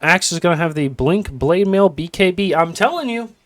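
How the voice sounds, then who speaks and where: A man's voice: high-pitched, lively intonation, normal speed, no echo. A man casting a video game match in a casual, rambling way with joking asides. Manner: rambling, joking asides, lots of "you know". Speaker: esports caster.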